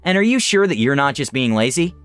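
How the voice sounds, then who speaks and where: A man's voice: mid-range voice, sing-song, fairly quick, a bit bright, clean tone, no room sound. A man voicing a pushy, accusing mother shopper who scolds a stranger, in a storybook reading. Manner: indignant, scolding.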